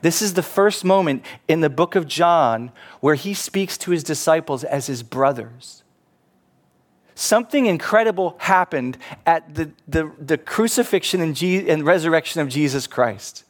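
A man preaching a sermon as a pastor, earnest, slowing down to stress quoted scripture. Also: on the high side, expressive.

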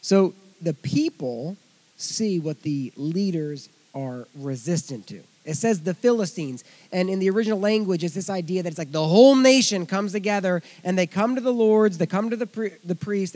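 A man preaching a sermon, reading scripture and explaining it with casual asides to his congregation, swinging between loud emphasis and quiet remarks. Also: sits high, moderate pace. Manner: expository Bible teaching, conversational asides to congregation. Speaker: pastor.

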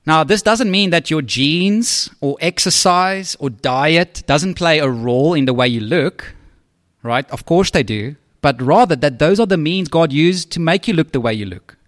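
A man's voice: fairly high pitch, lively intonation, normal speed, fairly bright tone, no room sound, studio quality. A man preaching as a pastor, talking conversationally and often checking in with the congregation. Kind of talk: sermon.

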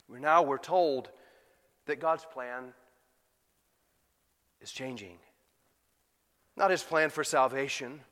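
High-voiced man preaching in a hall. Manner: preaching with big swings in loudness, rising to emphatic peaks. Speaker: pastor. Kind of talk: sermon.

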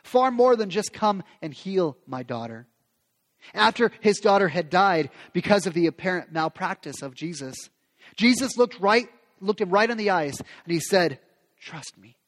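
A man's voice: high-pitched, expressive, moderate pace. A man preaching a sermon as pastor, speaking with passion and acting out quoted prayers. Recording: long reverb of a large hall.

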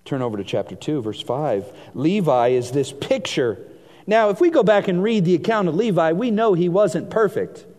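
A man preaching a sermon, reading scripture aloud and swinging between hushed and emphatic delivery. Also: a little high, expressive, moderate pace. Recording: long hall reverb.

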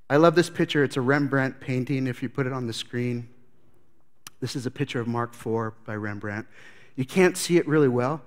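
A man's voice: mid-range voice, lively intonation, normal speed. A man preaching a sermon as pastor, telling the story with animation and acting out scenes.

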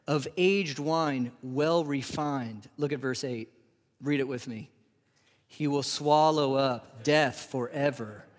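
Impassioned preacher in a reverberant hall. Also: male voice, medium pitch. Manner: swings from loud, rising emphasis to hushed, drawn-out whispers. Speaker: pastor. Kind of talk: sermon. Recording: live sermon with long hall reverb.

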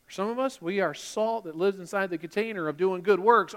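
A man's voice: high voice, fairly quick, hardly any pauses, long reverb tail. A man preaching a sermon as pastor, building emphasis and briefly mimicking churchgoers.

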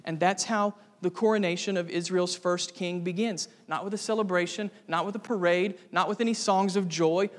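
A man's voice: sits high, steady tone, normal speed, few pauses, in a large hall. A man preaching a sermon to a congregation, earnest and building to fervent emphasis. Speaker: pastor.

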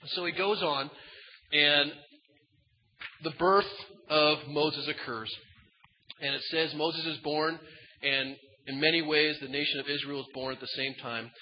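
A man preaching a sermon in a casual, folksy way, swinging between loud emphatic bursts and quiet asides. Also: on the high side, steady tone, a little slow, a little hiss or hum. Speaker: pastor. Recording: dull sound in a large reverberant hall.

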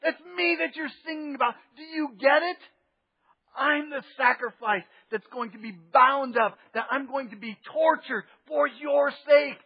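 A man's voice: extremely high pitch, measured pace, pitched above the performer's own voice. A man acting out Jesus, crying out urgently. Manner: urgent, pleading exclamations. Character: Jesus, a man calling out urgently to a singing crowd. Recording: dull lo-fi sound with long hall reverb.

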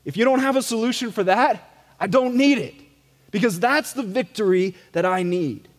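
A middle-aged man preaches in a high, light voice. His delivery is conversational and self-deprecating rather than grand. The church live-stream recording carries a long reverb tail. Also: moderate pace. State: some gray hair. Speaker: pastor. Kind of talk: sermon. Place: church sanctuary.

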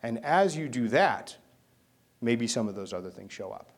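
Lively, animated male preacher. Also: medium pitch, breathy edge. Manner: animated storytelling with dramatic pauses. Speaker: pastor. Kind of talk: sermon.

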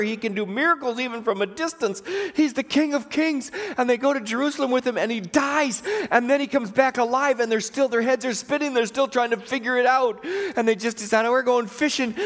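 A man's voice: sits high, a bit bright. A man pastor preaching a sermon, telling a story with animation and acting out the voices in it.

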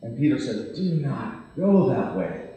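A man's voice: mid-range voice, sing-song, unhurried, lo-fi sound. Dramatic preacher man in echoey hall. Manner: dramatic, swinging between loud emphasis and hushed asides. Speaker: pastor. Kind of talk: sermon.

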